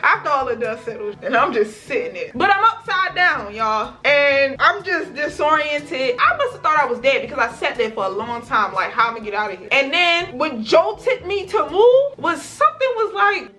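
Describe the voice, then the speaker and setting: Young woman vlogger, high bright voice, animated and profane storyteller. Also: normal speed, few pauses. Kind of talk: casual storytime vlog.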